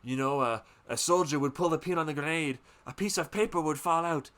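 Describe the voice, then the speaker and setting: A man voicing a furious, proud plantation patriarch in the middle of a shouting, defiant rant. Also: on the high side, a little fast, pitched above the performer's own voice, close to an everyday voice. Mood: indignant shouting.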